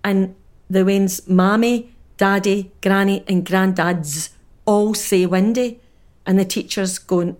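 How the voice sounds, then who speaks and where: Middle-aged Scottish woman, animated storyteller on a video call. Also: medium pitch, takes it slowly. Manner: animated storyteller, doing voices. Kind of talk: casual chat.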